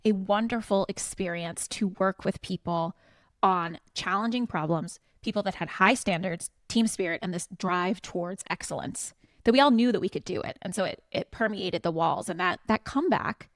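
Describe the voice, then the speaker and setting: A woman's voice: medium pitch, moderate pace, no room sound, clean studio sound. A woman in her forties co-hosting a podcast, telling a story in an earnest, passionate way. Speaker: podcast co-host. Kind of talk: reflective conversational podcast talk.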